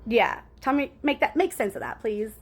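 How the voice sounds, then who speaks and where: A woman's voice: a little high, lively intonation, moderate pace, husky. A woman in a casual storytime monologue, rambling and cussing as she talks to her viewers and keeps asking "right?".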